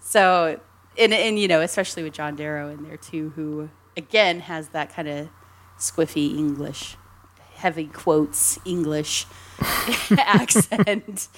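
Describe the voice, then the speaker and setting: A woman's voice: low-pitched, takes it slowly, a little hiss or hum. A woman co-hosting a casual film discussion, chatty and rambling, giggling often between her points. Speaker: podcast co-host.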